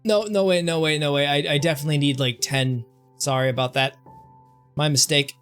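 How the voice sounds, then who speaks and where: A young man talks through his game in a casual, self-mocking way, often stammering and restarting his sentences. His voice sits a little higher than most men's. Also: fairly even intonation, brisk, a bit bright, clean tone, soft background music. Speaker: gaming streamer. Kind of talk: casual gameplay commentary.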